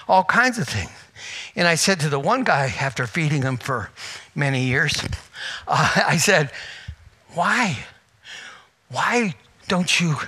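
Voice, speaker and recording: An older man preaching a sermon as pastor, animated and emotional, with laughing asides. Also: a little high.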